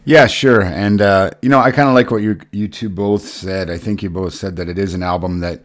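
A man's voice: low-pitched, steady tone, brisk. A man on a podcast panel, talking casually about a band's history in an easygoing, hesitant way with many uhs. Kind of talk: casual album review chat.

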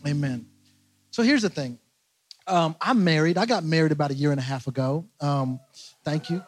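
Somewhat high and a little fast, the young pastor keeps his sermon casual and funny, joking, repeating lines, and laughing at his own expense. Loud guitars play behind him at a church service held in a large room.

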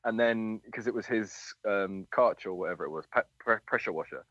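A man telling a rambling story in casual chat, with many pauses and fillers. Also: lowish voice, a bit bright, dry recording. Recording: dull lo-fi dry sound.

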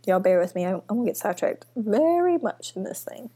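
A young woman hosting her first solo podcast from her apartment, chatting in a rambling, nervous and excited way with lots of fillers. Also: medium pitch, normal speed, slightly rough. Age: young adult. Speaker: podcast host. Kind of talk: casual solo podcast chat. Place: student apartment. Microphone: computer mic.

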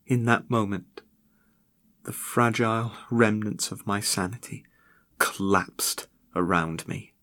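A man's voice: lowish voice, fairly even intonation, slow, sharp tone. A man narrating a first-person horror story in a tense, grim way. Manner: tense, rising to frantic in moments of terror.

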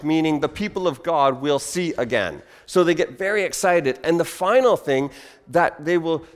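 A male pastor delivers a lively sermon, his voice pitched a touch high. He acts out crowd voices, swinging from hushed to loud. The sound carries a long hall reverb.

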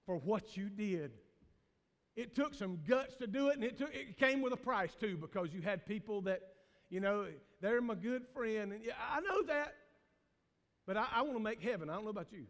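High-voiced preacher in a hall. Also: male voice, expressive, moderate pace. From American South. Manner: Southern preacher cadence, swings from hushed to shouting. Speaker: pastor. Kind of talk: sermon. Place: church sanctuary. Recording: reverberant church hall.

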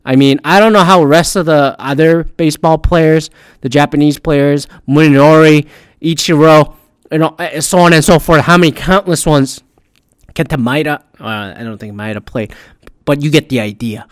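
A sarcastic man rants in crude, swear-laden commentary like a podcast host. His voice sits a little higher than most men's. The sound is dry and close, with almost no room in it. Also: moderate pace, clean tone, no echo. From Pacific Northwest. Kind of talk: profane ranting commentary.

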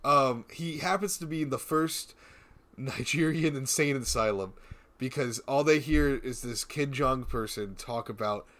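A man's voice: medium pitch, measured pace, a bit bright. A young man co-hosting a podcast, joking and rambling in casual comedic chat, laughing often. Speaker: podcast co-host.

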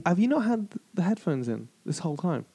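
A man's voice: sits high, very animated, background noise. A man hosting a comedy podcast, bubbly and teasing, often giggling. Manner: bubbly, giggly, quick to tease. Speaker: podcast host.

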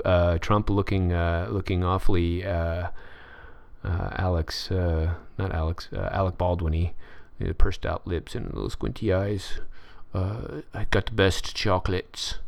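Low-voiced man musing over headlines. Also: dry recording. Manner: offhand, wry, with frequent fillers and restarts. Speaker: podcast host reading headlines. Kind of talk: casual news commentary.

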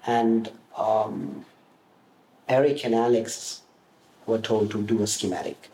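A man answering interview questions, telling lively stories about his past and acting out the voices of the people in them. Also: lowish voice, takes it slowly, creaky. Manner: animated storyteller, acts out quoted voices. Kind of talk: reminiscing in an interview. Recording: roomy echo with faint room noise.

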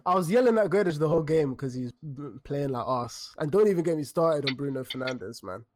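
Slightly high boisterous man. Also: expressive, background noise. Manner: boisterous, slangy, quick comebacks. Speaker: podcast co-host. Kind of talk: casual banter about football.

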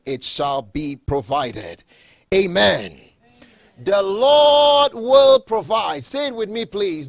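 Man preaching a sermon, highish voice, repeats himself for emphasis, dry close sound. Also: a bit bright, no room sound. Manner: reads scripture slowly, then preaches with emphatic repetition. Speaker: pastor.

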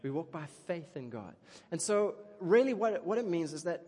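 A man preaching a sermon in an animated, chatty way, often checking in with the crowd. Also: fairly high pitch, normal speed. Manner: animated, chatty, keeps asking "okay?". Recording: long reverb of a large hall.

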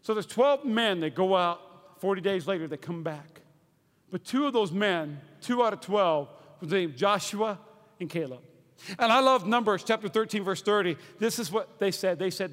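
A man preaching with a very high, bright, ringing voice. He swings from shouting to near-whispers, and his words echo through a long-reverb church hall. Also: moderate pace. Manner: energetic, swings from shouting to hushed. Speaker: pastor. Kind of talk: sermon.

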